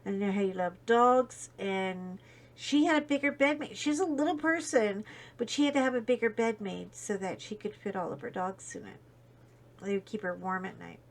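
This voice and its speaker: A woman hosting a casual chat, a talkative storyteller full of asides and lively exclamations. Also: medium pitch, normal speed. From United States. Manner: chatty storyteller, animated, wandering asides. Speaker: host. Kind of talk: casual chat while coloring.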